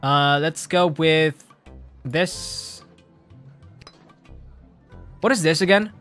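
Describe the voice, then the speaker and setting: A man's voice: a little high, drawn-out words, fairly bright tone, faint music behind. A man streaming a video game, laughing often and reading the game text aloud.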